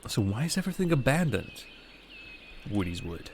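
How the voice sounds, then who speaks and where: A man's voice: mid-range voice, sing-song, moderate pace, slight background noise. A man from Latvia, a native Russian speaker, doing live gameplay commentary, thinking aloud and chatting to viewers between game remarks. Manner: thinks aloud, rambling with fillers and restarts. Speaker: livestreamer.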